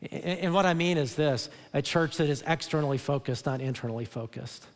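A pastor preaching a sermon in earnest, repeating and restarting words, then rising into emphatic bursts. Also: male voice, on the high side, brisk. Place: large church auditorium. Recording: long hall reverb.

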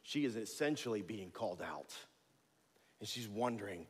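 Animated, jokey male preacher. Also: medium pitch, moderate pace, slightly rough, in a large hall. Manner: conversational, animated, jokey storytelling. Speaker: pastor. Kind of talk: sermon. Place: church sanctuary.

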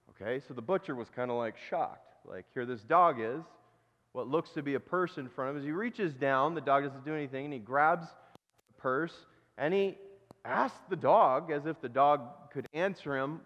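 A man's voice: medium pitch, normal speed, a bit bright. A male pastor preaching a sermon in a conversational, self-deprecating way, telling a story. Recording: dull recording with long church reverb.

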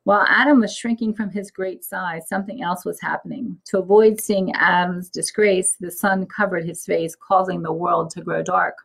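Gravelly-voiced woman reading a Bible story. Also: fairly low pitch, poor audio. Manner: expressive, measured.

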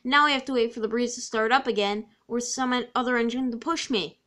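A woman's voice: fairly high pitch, steady tone, brisk, pushed and bright. A woman voicing a timid male boat on rails who speaks hesitantly and apologetically.

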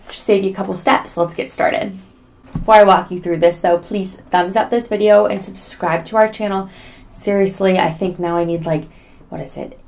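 A young adult woman hosts a casual how-to video, walking through a gadget step by step in a chatty, joking way and playfully begging viewers to subscribe. Her voice is on the low side and a little mellow.

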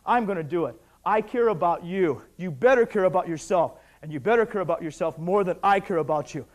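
Intense high-voiced older male instructor. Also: animated, a little fast. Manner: intense, emphatic, bursts into shouted counts during moves. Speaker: martial arts instructor. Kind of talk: instructional commentary over technique footage.

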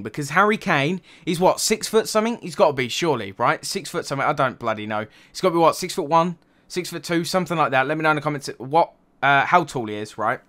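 Angry lad ranting about football, bright and sharp-edged, sarcastic and sweary. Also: male voice, a little high. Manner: furious, sarcastic, swearing, repeats "right?". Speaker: football fan vlogger.

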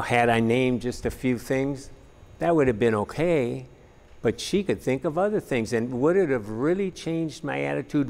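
A man's voice: medium pitch, a little mellow, long reverb tail. A man teaching a practical church class in an earnest, plainspoken way, with frequent fillers. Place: church meeting room.

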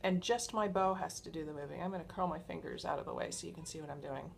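A woman teaching a violin lesson, patient and encouraging, explaining each step slowly. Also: low voice, vocal fry. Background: violin playing.

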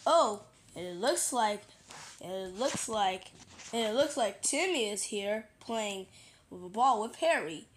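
A woman narrating a homemade toy-animal play in simple, halting phrases with restarts. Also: medium pitch, expressive, a little hiss or hum.

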